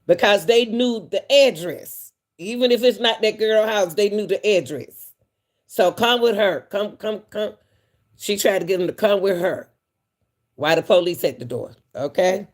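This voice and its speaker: A woman's voice: medium pitch, a little slow. A woman host in casual commentary. She thinks aloud and keeps asking rhetorical questions, with a mid-range voice.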